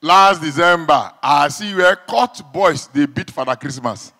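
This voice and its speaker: A Nigerian Pidgin-speaking comedian with a high, bright voice that leaps all over its range. He acts out every character and shouts the sound effects. The long reverb of a live hall trails behind him. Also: animated, measured pace. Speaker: stand-up comedian. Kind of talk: stand-up comedy routine.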